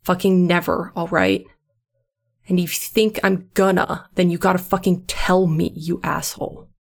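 A woman's voice: on the low side, expressive, moderate pace. A woman voicing a grumpy, protective male monster hunter who curses constantly and talks bluntly. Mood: fierce.

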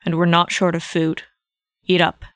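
A woman reading a fan story aloud, voicing a gruff, exasperated, fatherly older male mentor in a low, grumbling tone. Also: completely flat delivery, normal speed, no echo, lightly acted.

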